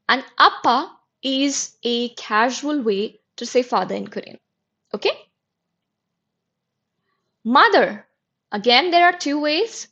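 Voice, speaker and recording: A woman's voice: high voice, a bit bright, muffled recording. A woman teaching a beginner vocabulary lesson, patiently explaining and repeating each word twice. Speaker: language teacher.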